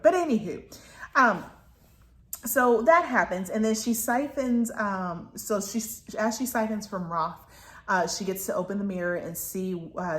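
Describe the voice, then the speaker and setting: A woman talking casually about a book she is reading, rambling with lots of asides and fillers. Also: lowish voice. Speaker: book reviewer. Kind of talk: casual book review chat. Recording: roomy echo.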